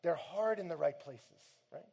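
A man preaching a sermon, swinging between quiet, gentle passages and loud, emphatic shouting. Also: fairly high pitch, a little slow, creaky, breathy edge. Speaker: pastor.

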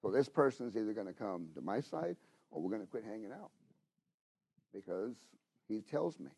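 Husky middle-aged preacher, emphatic. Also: male voice, fairly low pitch, big pitch swings, normal speed, long pauses. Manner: emphatic, swings between loud exhortation and hushed asides; talks to the congregation directly, with frequent "you know?" and "okay?". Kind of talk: sermon.

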